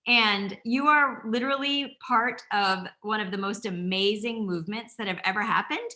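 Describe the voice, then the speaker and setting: Woman from Maine, quick enthusiastic talker, bright tense edge to her voice. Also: mid-range voice. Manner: fast-talking, enthusiastic. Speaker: panelist. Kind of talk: casual group call.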